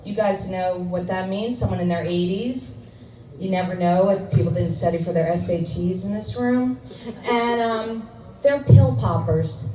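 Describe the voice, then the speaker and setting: A woman's voice: medium pitch, mellow. Self-deprecating woman comic in an echoey club. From Scarsdale, New York. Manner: self-deprecating, chatty, with filler ums. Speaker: stand-up comedian. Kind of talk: stand-up set. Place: comedy club stage with audience. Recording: echoey club from far off, faint noise.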